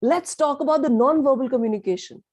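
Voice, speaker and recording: A young woman with an Indian accent teaching an online lesson in a lively way, mixing in Hindi and asking her listeners questions. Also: high voice, quick pace, no echo. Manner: lively, switches between English and Hindi, asks the audience questions. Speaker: communication skills teacher.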